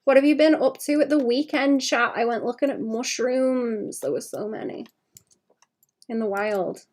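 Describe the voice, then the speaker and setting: A woman with a slightly high, darkish-toned voice talks at normal speed as she draws live for her stream. Chatty and rambling, she speaks to chat between drawing and coughs slightly.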